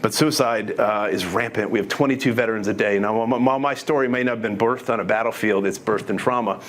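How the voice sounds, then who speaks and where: A man's voice: on the low side, quick pace, a little hiss or hum. A middle-aged man telling his testimony to an audience in an earnest, conversational way, restarting sentences often. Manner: earnest, conversational, with many restarts and quoted dialogue. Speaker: speaker giving a testimony.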